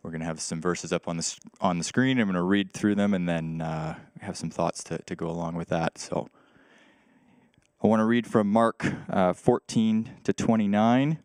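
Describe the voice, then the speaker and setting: Smooth-voiced man preaching a sermon. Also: low voice, fairly even intonation, normal speed, a little mellow, no echo. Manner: conversational, reads scripture aloud. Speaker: pastor. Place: church service.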